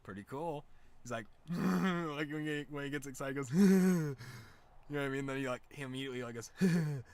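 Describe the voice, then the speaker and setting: Rambling young man telling a story. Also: a little fast. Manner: rambling, laughs often, full of fillers and slang; excited, louder and higher when amused. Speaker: streamer. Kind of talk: casual storytelling chat.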